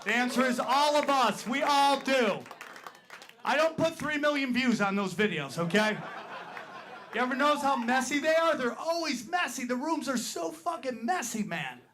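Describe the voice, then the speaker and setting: A man's voice: very high-pitched, expressive, normal speed, a bit bright. A man performing a crude, rambling stand-up set on a club stage, peppering his story with "right?" asides. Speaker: stand-up comedian. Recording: live club recording with crowd laughter and noise. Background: audience laughing and clapping.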